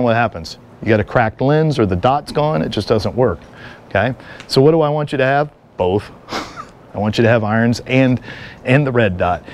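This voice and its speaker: A middle-aged man lectures at a live seminar with an energetic, joking manner. His speaking voice sits at an ordinary mid pitch, and he keeps the room engaged with stories. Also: slight background noise. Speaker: firearms and martial arts instructor.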